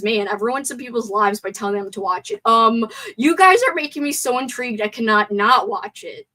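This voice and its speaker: A woman hosting a casual live stream movie chat with a sore throat. She is chatty and excitable, and reads viewer comments aloud. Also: medium pitch, rough recording.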